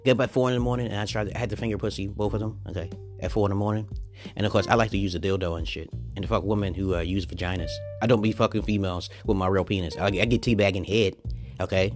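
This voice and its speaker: A man's voice: fairly low pitch, steady tone, fast, darkish tone, faint music behind. A man in a rambling monologue to viewers, crude and boastful, tagging nearly every line with a questioning "okay?".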